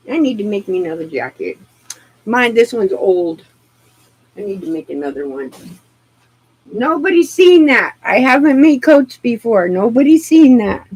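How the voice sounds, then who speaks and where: A woman streaming live, chatting casually in an excitable, rambling way and laughing easily. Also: a little high, slightly rough, no room sound, low-quality recording.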